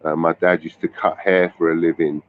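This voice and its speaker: Man, London accent, very low voice, casual chat, repeats words, tinny phone sound. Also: level tone, normal speed, crowd noise. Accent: London English. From London, England. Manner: chatty, repeats words while finding them. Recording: tinny phone line with faint hiss.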